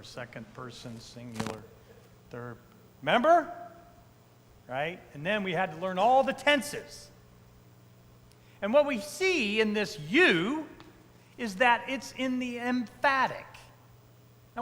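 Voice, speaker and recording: A man's voice: high-pitched, pushed and bright, slight background noise. A male pastor preaching a conversational sermon, checking in with the congregation and repeating key phrases for emphasis. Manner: conversational, frequent "right?" asides to the congregation; emphatic repetitions. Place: church sanctuary. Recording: long church reverb.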